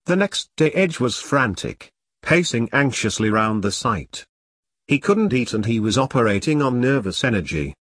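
A man narrating an audiobook in a steady, dramatic storytelling manner. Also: mid-range voice, moderate pace, breathy edge, no room sound, clean studio sound.

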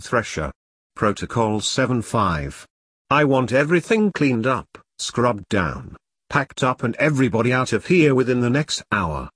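Guy doing a pompous cult boss yelling insults, husky, up and down a lot. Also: medium pitch, sing-song, a little slow, no echo, exaggerated voice. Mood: raging. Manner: ranting, barking insults. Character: furious pompous man, leader of a secret order.

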